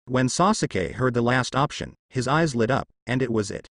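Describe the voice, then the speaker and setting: A man narrating a story in an even reading with stilted phrasing. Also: mid-range voice, moderate pace, hardly any pauses, no room sound, clean studio sound.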